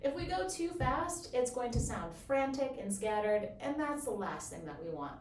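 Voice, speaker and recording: A woman explaining bassoon technique in a clear, encouraging, step-by-step way. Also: lively intonation, normal speed, a little hiss or hum. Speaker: bassoon teacher. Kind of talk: instructional explanation. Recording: roomy echo, from a distance.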